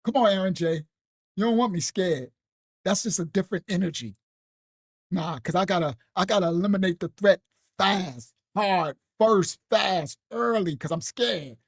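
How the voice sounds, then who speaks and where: A woman giving a casual, animated teaching on a late-night live stream. She talks straight to her viewers, repeats herself and laughs often. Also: fairly low pitch, moderate pace, breathy edge, no echo, clean studio sound. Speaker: ministry teacher.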